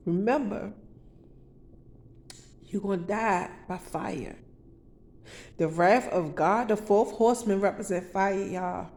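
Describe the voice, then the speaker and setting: A woman's voice: mid-range voice, a little mellow. A woman vlogging in a rambling, profane confessional monologue that turns to preaching, with sudden outbursts and stumbling restarts.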